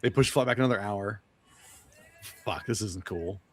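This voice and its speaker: Speaking at a normal speed in a lowish voice, a man recounts a wandering, profanity-laced travel tale on a podcast. He's probably a guest or co-host, and he performs the dialogue of people he encountered.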